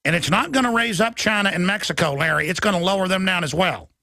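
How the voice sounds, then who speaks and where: A man hosting a political talk show, ranting with impassioned, rapid-fire delivery that swings up into shouting. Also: sits high, expressive. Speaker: talk radio host.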